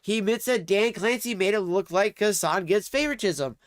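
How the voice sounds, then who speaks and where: A man's voice: high voice, fairly quick, no echo, clean studio sound. A man livestreaming from home, chatting casually and ranting crudely while he reacts to a video. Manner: crude, ranting, swears often.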